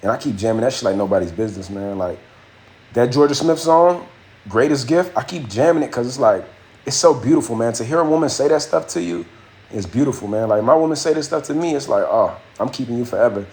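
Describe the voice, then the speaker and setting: A man chatting casually on a phone livestream, voice sitting at an ordinary middle pitch. He talks loosely, circling back and repeating words as he goes. Recorded indoors close to a phone. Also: lively intonation, a little fast, a little mellow. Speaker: livestream host and rapper.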